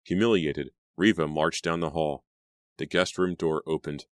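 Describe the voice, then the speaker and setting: A man narrating an audiobook in a steady storytelling manner. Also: extremely low pitch, moderate pace, no room sound, studio quality.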